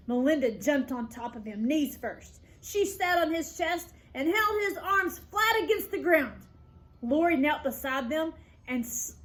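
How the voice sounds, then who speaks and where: A woman teacher reads a chapter book aloud to her students and then talks straight to them in a friendly way. Her voice is high and her pace slow and steady. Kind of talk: read-aloud storytelling.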